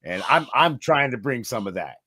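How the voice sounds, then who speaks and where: A man's voice: medium pitch, big pitch swings, normal speed, bright, forceful tone, slightly rough, no room sound, clean studio sound. A man co-hosting a casual podcast, laid-back and teasing. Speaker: podcast co-host.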